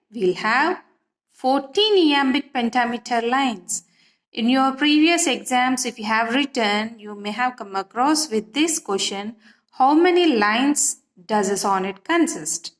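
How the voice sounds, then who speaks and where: A woman teaching literature in an online lesson, patient and repetitive, often checking that students follow. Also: high voice. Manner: slow, patient, repeats key points and checks understanding.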